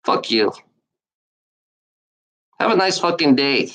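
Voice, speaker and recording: A man's voice: fairly high pitch, sing-song, slow pace, a bit bright, low-quality recording. A man livestreaming alone, ranting at his chat trolls in a scornful, profane, repetitive way. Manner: profane, scornful, repeats himself, talks back to chat. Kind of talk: rambling livestream rant.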